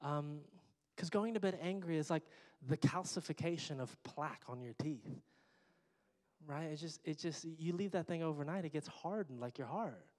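A man's voice: on the high side, moderate pace, darkish tone. A middle-aged man preaching a sermon, conversational with joking asides to the congregation. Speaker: pastor. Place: church sanctuary. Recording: long hall reverb.

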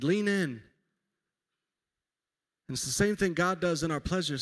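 A man in his forties delivers a conversational sermon, slipping in dry self-deprecating asides and family stories. His voice sits a little high for a man, and a long reverb trails each phrase through the church hall. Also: expressive, normal speed, pauses often. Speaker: pastor. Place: church sanctuary.

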